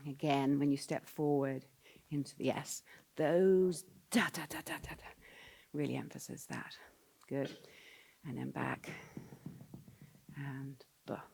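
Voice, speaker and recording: A woman's voice: low voice, creaky, warm tone. A woman coaching a ballet dancer in a live rehearsal. She sings the counts and gives coaxing, encouraging corrections. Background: faint piano.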